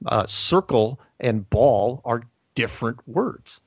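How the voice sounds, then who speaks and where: A man's voice: medium pitch, lively intonation, takes it slowly, husky, no echo. A middle-aged man hosting a casual chat, rambling with lots of restarts. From United States. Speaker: podcast host. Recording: dull lo-fi sound.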